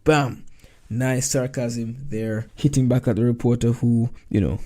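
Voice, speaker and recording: A man's voice: medium pitch, steady tone, unhurried, mellow. A man teaching exam prep, talking through past-paper answers in a conversational way and reading quoted lines aloud. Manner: conversational, reads quoted lines aloud, asks rhetorical questions.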